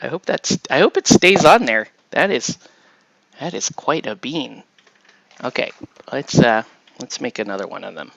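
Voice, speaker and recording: A man's voice: medium pitch, very animated, normal speed, creaky, fairly bright tone, dry recording, lo-fi sound. A man hosting a casual chat while assembling miniatures, rambling and chuckling as he trails off and restarts. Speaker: host.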